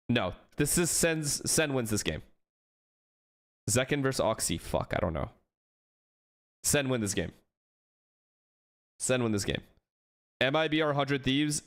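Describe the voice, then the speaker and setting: A man hosting a watch party, chatting casually and bluntly calling match winners. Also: mid-range voice. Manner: blunt, offhand predictions. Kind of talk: casual chat with profanity.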